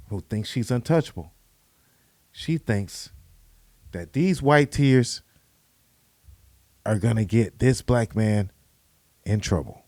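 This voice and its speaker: A man's voice: on the low side, expressive, slow, pauses often, a little mellow, dry recording, studio quality. A man hosting a podcast, giving casual commentary in a loose, slangy, repetitive way. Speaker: podcast host.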